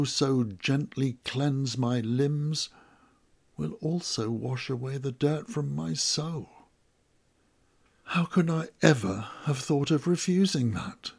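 Guy telling a story in first person, slow, low and kinda gravelly, quiet and thoughtful. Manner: slow, reflective and intimate, rising to emotional outbursts. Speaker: narrator. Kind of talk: first-person dramatic monologue.

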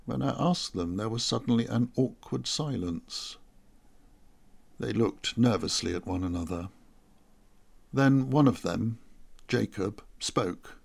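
A man narrating a first-person story in a measured, reflective way. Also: lowish voice, creaky.

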